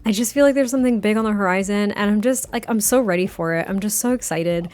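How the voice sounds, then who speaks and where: A woman's voice: mid-range voice, fast, darkish tone, natural voice. A woman voicing a blunt, teasing young athlete. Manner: teasing, brushes things off.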